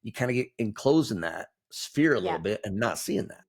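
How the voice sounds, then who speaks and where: Earnest low-voiced podcast host. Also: male voice, lively intonation, a little fast, husky. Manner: earnest, reflective, encouraging. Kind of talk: casual interview chat.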